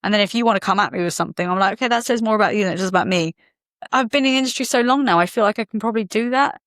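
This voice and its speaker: A woman's voice: medium pitch, very fast, no room sound, clean studio sound. A middle-aged woman, an actor and filmmaker, chatting on a podcast and acting out the people in her stories. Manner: animated storytelling, acting out quoted voices. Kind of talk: casual podcast conversation.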